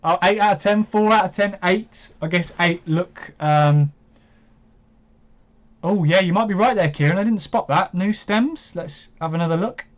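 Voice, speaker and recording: A man hosting a live watch-along stream, chatty and hesitant, breaking into excited reactions as he comments. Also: sits high, moderate pace.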